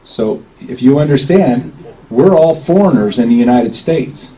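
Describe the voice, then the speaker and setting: A man's voice: medium pitch, lively intonation, a little slow, warm tone. A man giving an informal talk to a group standing around, chatty and often checking in with an "okay?". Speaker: speaker at a gathering. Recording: distant mic with faint background noise.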